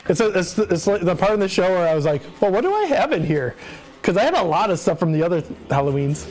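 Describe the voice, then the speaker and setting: A man's voice: high-pitched, very animated, fast talker, a little mellow. A man hosting a fantasy sports podcast in casual chat, rambling with frequent laughs and trailing off mid-sentence. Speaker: podcast host.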